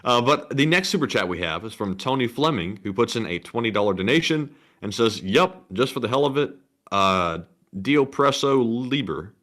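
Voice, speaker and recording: A man's voice: fairly low pitch, animated, brisk, few pauses, pushed and bright. A man co-hosting a stream, reading out donations in an easygoing, amused way. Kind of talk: casual stream chat.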